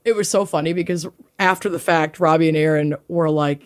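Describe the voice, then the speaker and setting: A woman's voice: deep voice, fairly even intonation, a little fast, no room sound, clean studio sound. A woman, co-hosting a podcast in playful, rambling casual chat. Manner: chatty, playful, rambling stories. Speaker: podcast co-host.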